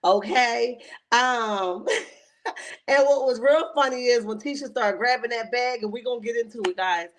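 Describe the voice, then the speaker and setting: A woman hosts a livestream recapping a reality show, talking in a slightly high, animated voice. She is slangy and emphatic, laughs often, and keeps calling her listeners "honey.". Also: a little slow, a little hiss or hum. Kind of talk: casual livestream commentary.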